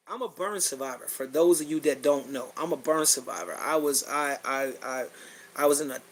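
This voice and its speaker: A middle-aged man with a fairly high-pitched voice talks bluntly into his podcast mic. He swears freely and circles back on his own phrases as his feeling rises and falls. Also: a little mellow, rough recording. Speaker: podcast host. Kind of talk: blunt personal monologue.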